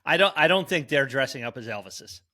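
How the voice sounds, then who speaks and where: A man's voice: mid-range voice, animated, fairly quick, pushed and bright. A man co-hosting a casual podcast, dropping wry joking asides. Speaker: podcast co-host. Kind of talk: casual chat.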